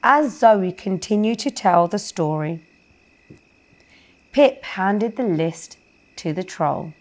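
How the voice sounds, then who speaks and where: A woman reads a children's bedtime story at a slow, unhurried pace. She speaks gently and often stops to ask her young listeners questions. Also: medium pitch, animated. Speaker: storyteller for a kids show.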